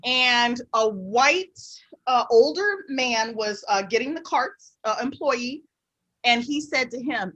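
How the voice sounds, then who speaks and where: A middle-aged woman, an author guest on a podcast, telling stories in a lively, emphatic way and repeating words for emphasis. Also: fairly high pitch, slow pace, no room sound, low-quality recording. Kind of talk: casual interview storytelling.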